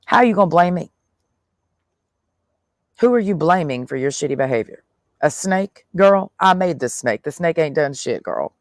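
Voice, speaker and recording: A man's voice: a little high, gravelly, no room sound, studio quality. A man in a blunt, profane monologue, speaking in the first person as God, full of slang and swearing. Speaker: vlogger.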